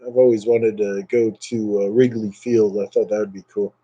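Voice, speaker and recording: Laid-back guy chatting on his stream, warm dark voice, rambling with fillers. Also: lowish voice, flat delivery, normal speed, highs cut off. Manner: thanks viewers by name. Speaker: live streamer. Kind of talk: casual live-stream chat.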